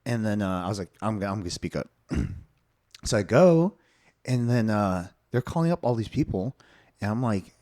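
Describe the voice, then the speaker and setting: A man's voice: lowish voice, big pitch swings, moderate pace, dark tone. A young man hosting a casual podcast, telling stories animatedly with lots of fillers and some swearing. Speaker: podcast host.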